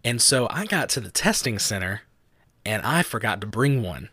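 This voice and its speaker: A young man, co-hosting a podcast and telling stories in a chatty, animated way. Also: on the low side, moderate pace, husky, dry recording. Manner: chatty storyteller, animated quotes, frequent "like". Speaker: podcast host. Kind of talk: casual chat.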